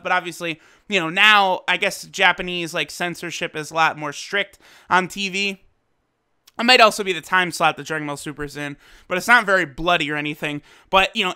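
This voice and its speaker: Male reviewer, casual and excitable; high, crisp voice. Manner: excitable, loose slang, lots of fillers. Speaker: anime episode reviewer. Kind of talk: casual commentary.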